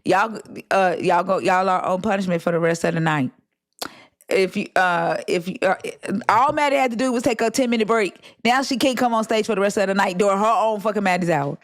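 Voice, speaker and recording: A woman's voice: mid-range voice, a little fast. Blunt, exasperated woman hosting a livestream. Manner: blunt, exasperated, swears freely, drawling slang. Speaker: livestream host. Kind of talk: casual livestream chat.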